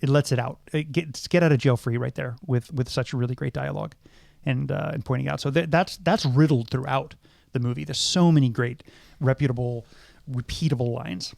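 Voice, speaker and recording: A man's voice: mid-range voice, steady tone, brisk, creaky, darkish tone, no room sound, studio quality. A middle-aged man and podcast co-host, talking through films thoughtfully, with many ums and restarts. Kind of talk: casual film discussion.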